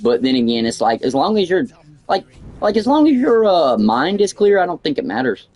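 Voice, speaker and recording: A man's voice: on the high side, very animated, brisk, a little mellow. A man chatting casually on a game livestream, rambling with many fillers and crude jokes. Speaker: game streamer.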